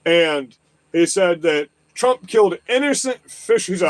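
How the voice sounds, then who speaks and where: A man's voice: high-pitched, expressive, a little slow, dry recording. A man hosting a livestream, delivering an agitated political rant full of profanity and repeated questions. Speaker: livestream host. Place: lives in southwest Florida.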